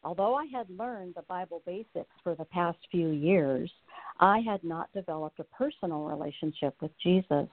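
A woman's voice: lowish voice, normal speed. A woman in her late fifties, a guest on the show, earnestly reading her personal story aloud and then chatting about it. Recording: tinny phone line.

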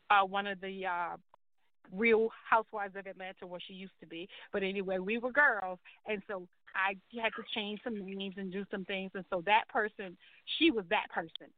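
A woman telling her life story as an interview guest, animatedly acting out the voices of people she quotes. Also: medium pitch. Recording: tinny phone-like call audio.

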